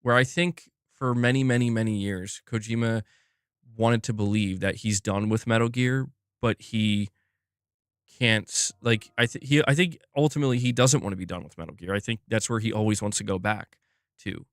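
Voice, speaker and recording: A man's voice: fairly low pitch, normal speed, clear, resonant tone, no room sound, clean studio sound. A young man hosting a casual gaming livestream, rambling with many restarts and addressing the chat as dude and bro. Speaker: livestream host.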